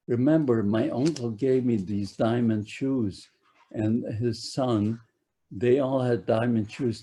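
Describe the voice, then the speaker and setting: A man in his nineties from Poland, giving personal testimony to an audience in a halting way that repeats words as he searches for them. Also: medium pitch, dark tone, breathy edge. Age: 90s. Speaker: Holocaust survivor giving a talk.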